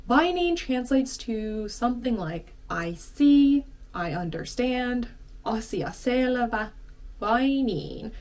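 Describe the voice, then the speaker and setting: A woman giving a casual language lesson, explaining in a chatty way with lots of "kind of" and "like", and acting out short example phrases. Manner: chatty, many fillers like "kind of" and "like"; acts out short example lines with lively pitch jumps. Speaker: language teacher.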